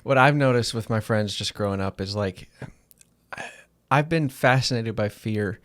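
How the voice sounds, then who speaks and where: A man's voice: on the low side, moderate pace, fairly bright tone. A man co-hosting a podcast in casual chat, asking probing questions and musing reflectively. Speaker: podcast co-host.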